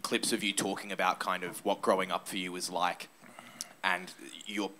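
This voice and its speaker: Man, reporter, press conference, long winding question, very low voice, faint noise. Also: flat delivery, normal speed.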